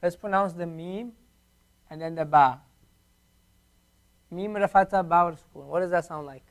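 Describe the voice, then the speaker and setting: A man teaching a beginners' class in a classroom, patiently repeating each word slowly for his students. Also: fairly high pitch. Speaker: Arabic teacher. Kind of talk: classroom language lesson.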